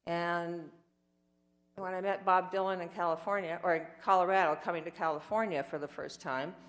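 A woman's voice: fairly low pitch, steady tone, normal speed. An older woman telling her life story in a candid, rambling way, with self-mocking asides. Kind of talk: personal storytelling talk.

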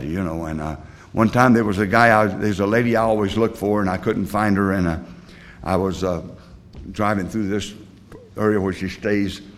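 A man's voice: low-pitched, a little hiss or hum. An older man telling his personal recovery story to a group in a rambling, blunt way, full of fillers and restarts. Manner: plain, blunt working-class talk. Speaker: recovery meeting speaker.

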